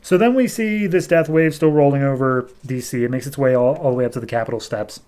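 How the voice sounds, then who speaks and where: A man's voice: mid-range voice, steady tone, quick pace, darkish tone. A man hosting a podcast, recapping a comic book in a loose, chatty way and paraphrasing what the characters say. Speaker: podcast host.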